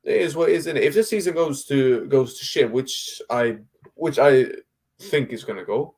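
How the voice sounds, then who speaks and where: A man's voice: mid-range voice, moderate pace, a little mellow, breathy edge. Blunt, exasperated man ranting about football. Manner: frustrated, blunt, swears, rhetorical questions. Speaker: football podcast co-host. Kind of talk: heated casual football debate.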